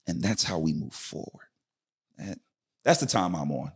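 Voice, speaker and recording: A man with a fairly low voice talks as a pastor on a podcast. He has an emphatic, sermon-like cadence and stacks repeated questions and phrases to drive each point home. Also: lively intonation, moderate pace, long pauses, husky. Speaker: pastor and guest. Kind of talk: conversational podcast interview.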